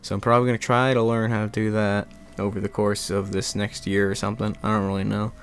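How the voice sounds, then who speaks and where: A young man vlogging in a rambling, animated casual chat, laughing and swearing now and then. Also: lowish voice, fast, slight background noise.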